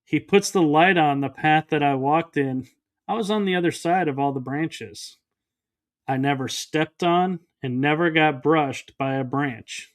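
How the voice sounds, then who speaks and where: Here the podcast guest talks unhurriedly, his pitch fairly high. Telling a personal story for the interview, he brings the quoted exchanges to life by acting them out.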